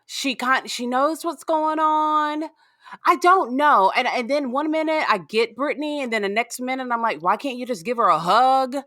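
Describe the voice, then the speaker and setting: Co-host, woman, higher pitched, stammering and unsure, casual chat. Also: moderate pace, pushed and bright, no echo, clean studio sound. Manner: hesitant, restarts, torn and unsure. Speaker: podcast co-host.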